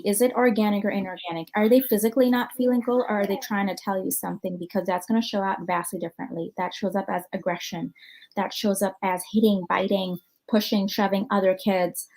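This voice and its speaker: An American woman psychologist speaking at an online conference over a video call. She answers questions in a loose, conversational way, filling pauses with ums and you-knows as she thinks aloud, at an ordinary mid-range pitch. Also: gravelly, a little mellow, poor audio. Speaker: clinical psychologist.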